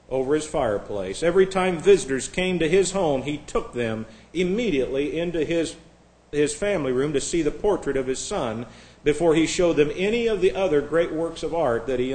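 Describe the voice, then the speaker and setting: A male Bible teacher telling an illustration story in a sermon, dramatic and dropping to quiet emphasis. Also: fairly high pitch.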